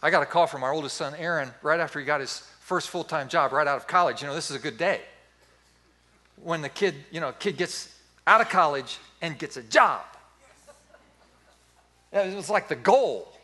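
Bright-voiced, storytelling male pastor. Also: on the high side, moderate pace, long pauses. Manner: animated storytelling, playful. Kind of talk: sermon.

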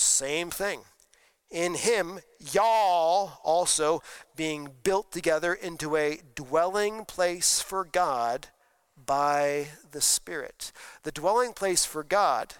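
Pastor, male, sermon delivery, smooth clear voice, slightly higher pitch, dry close sound, talks with the congregation. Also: fairly bright tone, dry recording, poor audio. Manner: conversational preaching with questions to the congregation. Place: church sanctuary during a service.

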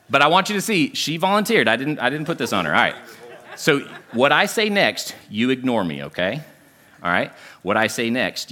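A man preaching a sermon, talking with the congregation and asking them questions. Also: on the low side. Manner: animated, talks with the congregation and asks questions often. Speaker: pastor. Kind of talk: sermon with audience interaction. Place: church sanctuary.

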